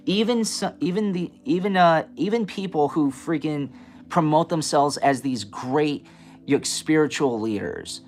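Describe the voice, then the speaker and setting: A man hosting a live stream, ranting in an animated, passionate way and stuttering and restarting often. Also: mid-range voice, a little slow. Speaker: live stream host giving readings. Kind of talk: casual live-stream rant. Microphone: camera mic, moves the camera around.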